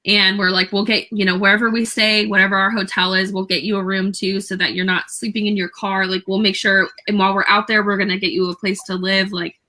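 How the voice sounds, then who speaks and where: Young woman, guest, chatty storytelling, full of fillers, crisp bright tone. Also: mid-range voice, a little fast, hardly any pauses, low-quality recording. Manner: animated, many fillers and quoted dialogue. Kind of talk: casual storytelling interview.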